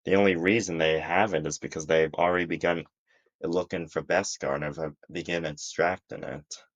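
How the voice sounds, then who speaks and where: A sly hooded male schemer from a storybook-style tale, smug and manipulative, as a man puts him on. The voice sits extremely low. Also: steady tone, normal speed, highs cut off. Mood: persuasive. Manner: smug, manipulative, soft chuckling tone.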